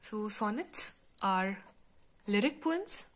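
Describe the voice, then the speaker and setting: A woman teaching a literature class, explaining step by step in a patient lecture style with frequent pauses and fillers. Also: mid-range voice, expressive.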